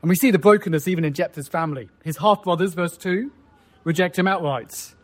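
A man's voice: sits high, fairly quick. A man preaching a sermon, leading his listeners through the text and asking them questions as he goes. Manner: rhetorical, asks the listeners questions.

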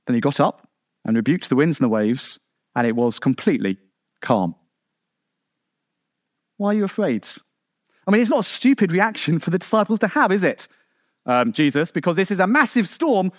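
Animated preacher with a lively high voice. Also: male voice, normal speed, pauses often, no room sound, studio quality. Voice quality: rhetorical questions, conversational asides. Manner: animated, rising to emphatic peaks then dropping low. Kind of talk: sermon.

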